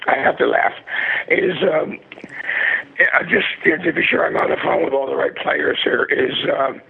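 Gravelly, raspy man on a muffled phone line. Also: fairly high pitch, fairly even intonation, moderate pace. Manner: profane, sardonic, laughs often. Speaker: phone-in guest. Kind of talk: casual phone interview. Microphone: phone headset.

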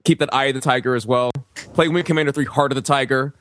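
A man's voice: mid-range voice, fairly even intonation, quick pace, fairly bright tone. A man on a podcast panel, talking in a chatty, playful and self-deprecating way. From Korean heritage. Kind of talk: casual podcast chat.

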